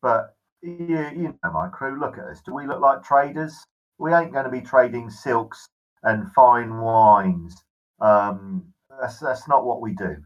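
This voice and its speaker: Man doing a gruff, blunt pirate captain. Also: mid-range voice, unhurried, far from the mic, highs cut off, natural voice. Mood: persuasive. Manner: rough informal speech, drops words.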